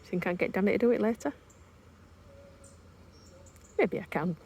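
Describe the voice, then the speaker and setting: A woman's voice: medium pitch, lively intonation, normal speed, a little mellow, breathy edge. Chatty, teasing woman vlogging from a narrowboat. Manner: chatty, teasing, laughs often. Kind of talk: casual chat to camera. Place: on and beside a canal narrowboat, outdoors. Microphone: phone camera.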